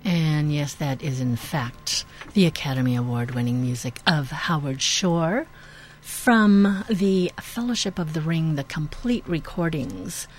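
A woman's voice: low voice, lively intonation, measured pace, slight background noise. A woman hosting a radio show, chatting enthusiastically with some fillers. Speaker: radio host. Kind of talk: casual radio talk.

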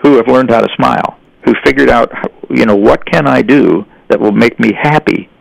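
Gravelly older man, folksy storyteller. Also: mid-range voice, moderate pace, dry recording, poor audio. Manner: rambling, restarts sentences, folksy anecdotes. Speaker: guest. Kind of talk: storytelling in casual conversation.

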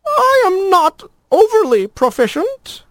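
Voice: huge pitch swings, takes it slowly, fairly bright tone, dry recording, heavily acted. A storyteller voicing a timid, fussy male lizard who talks in a wobbly voice with stiff, overly proper words in a radio story reading. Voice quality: wobbly, high. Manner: pompous, overly proper wording. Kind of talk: audio drama reading.

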